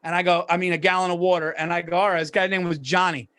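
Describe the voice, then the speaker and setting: A man co-hosting a casual podcast, his voice sitting notably high for a man. He tells long, rambling stories, laughing through them and swearing freely. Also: fairly even intonation, quick pace, fairly bright tone. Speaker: podcast co-host. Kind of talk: casual chat.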